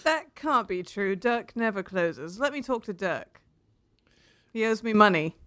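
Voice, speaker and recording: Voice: medium pitch, animated, a little slow, a bit bright, no room sound, clean studio sound. Breezy joking tabletop player. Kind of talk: casual in-character play.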